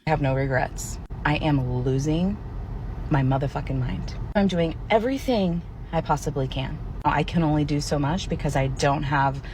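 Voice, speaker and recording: Low-voiced woman venting bitterly. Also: moderate pace, a little mellow, slight background noise, low-quality recording. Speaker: person venting in a video clip. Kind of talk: emotional monologue to camera.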